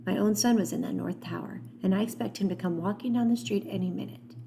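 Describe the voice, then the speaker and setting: Woman doing a gruff grieving old man. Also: medium pitch, fast, mellow, a little hiss or hum, close to an everyday voice. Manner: gruff, plain-spoken. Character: grieving older man, gruff but kind.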